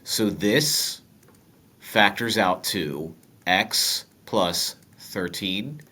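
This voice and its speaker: A man's voice: fairly low pitch, drawn-out words. A man with a nasal voice and a head cold, walking through a math lesson step by step and dropping jokes to the viewers. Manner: relaxed, joking asides to viewers. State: stuffy with a cold. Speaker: math teacher.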